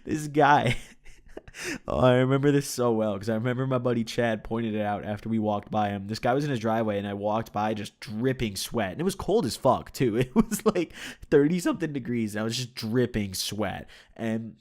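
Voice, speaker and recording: A man's voice: medium pitch, brisk, darkish tone. A young man casually telling a personal story, laid-back, swearing freely and laughing now and then, with lots of "like" and "you know". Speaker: storyteller recounting his own experience.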